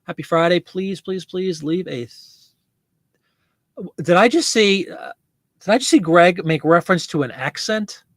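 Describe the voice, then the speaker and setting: A man's voice: high voice, unhurried, pauses often, dry recording, studio quality. A man hosting a casual live selling stream, chatting and laughing as he answers viewer comments. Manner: chatty, rambling, laughs often, reads viewer comments aloud. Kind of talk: casual livestream chat with viewers.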